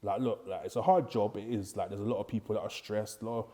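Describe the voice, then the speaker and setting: A man's voice: fairly low pitch, fairly even intonation, fast talker, dark tone. A young man with a Bristol accent, telling stories in a casual chat in street slang and acting out the people he quotes. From England. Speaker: podcast guest, prison officer.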